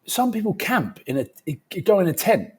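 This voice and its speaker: A man's voice: high voice, very animated, moderate pace, a little mellow, husky. A man co-hosting a rugby podcast, telling joking stories in casual banter. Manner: joking, banter-heavy storytelling. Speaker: podcast co-host. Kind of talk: casual chat.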